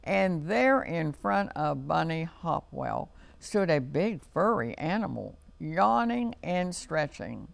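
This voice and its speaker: Slow gravelly man reading a storybook. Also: a little high, big pitch swings, no echo. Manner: slow, gentle read-aloud delivery.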